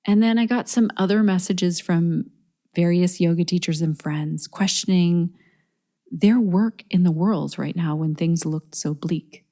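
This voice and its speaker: Warm, mellow-voiced woman podcast host. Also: lowish voice, a little slow. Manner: earnest, upbeat, laughs between thoughts. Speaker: podcast host and yoga teacher. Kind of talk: casual solo podcast talk.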